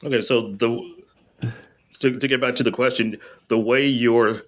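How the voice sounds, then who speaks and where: A man hosting a podcast, asking his guest questions in a relaxed, conversational way. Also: mid-range voice, measured pace. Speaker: podcast host. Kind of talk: casual podcast interview.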